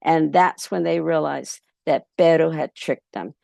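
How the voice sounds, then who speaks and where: A woman storyteller recounts a folk tale to a workshop audience in a loose, conversational way. Her voice has a gravelly fry, and the recording is close and dry. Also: deep voice, a little slow, no room sound. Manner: relaxed, many ums and restarts. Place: festival workshop.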